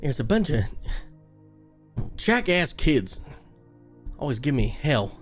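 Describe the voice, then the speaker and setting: A woman's voice: rumbling low, very animated, takes it slowly, soft background music, pitched below the performer's own voice, full character voice. A woman voicing a tough, irreverent young dwarf girl in a put-on Southern accent, talking crude and grumbling. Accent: put-on American Southern.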